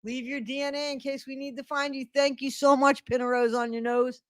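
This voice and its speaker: Middle-aged woman hosting a home live stream; chatty, repeats herself, slightly high, dry mic. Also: level tone, a little fast, no room sound. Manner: greets viewers by name, repeats phrases. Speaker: livestream host. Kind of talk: casual live-stream chat.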